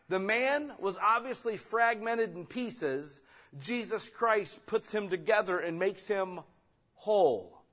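A middle-aged man preaches a sermon as the pastor, his voice sitting a little high. He talks to the congregation like friends, dropping to quiet asides and then climbing into loud, urgent exhortation.

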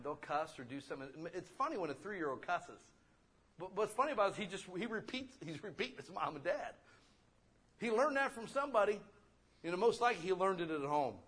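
Man, pastor, casual animated sermon, rhetorical questions, husky, somewhat high voice.

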